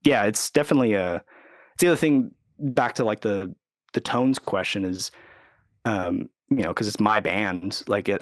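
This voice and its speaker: A recording engineer and producer appears as a podcast guest, chatting casually in a lowish voice. He rambles, full of "like" and "you know," and acts out what others said. The recording is dry, with a clean studio sound.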